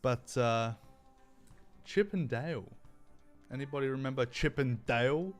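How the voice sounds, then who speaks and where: A man's voice: mid-range voice, lively intonation, unhurried, soft background music. A young man hosting a livestream, ranting in a crude, sarcastic commentary style. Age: young adult. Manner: crude, sarcastic, mocking asides. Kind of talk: profane casual commentary rant.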